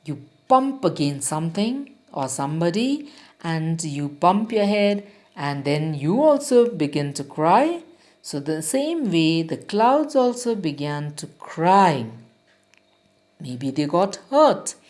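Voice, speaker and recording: A woman teacher reads a children's rhyme aloud and then talks it through, line by line. She speaks very slowly and with a lively, sing-song rise and fall, pausing to explain each word for little pupils. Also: low voice. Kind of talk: reciting and explaining a children's poem.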